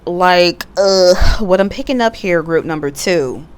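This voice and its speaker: A woman's voice: fairly low pitch, lively intonation, unhurried, clear, resonant tone. A woman giving a casual tarot reading at home, chatty and blunt, swearing freely and laughing often. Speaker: tarot reader. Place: at home, sitting back in a computer chair.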